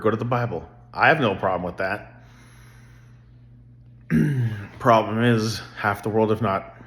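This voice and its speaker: A middle-aged man rambling earnestly about faith and family in a casual vlog. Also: fairly low pitch. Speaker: vlogger.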